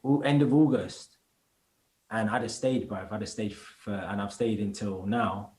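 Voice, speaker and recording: A man's voice: fairly low pitch, measured pace, echoey room, low-quality recording. A man, a podcast guest chatting casually in heavy street slang and acting out other people's voices as he tells stories. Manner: animated storyteller, acts out other people's voices.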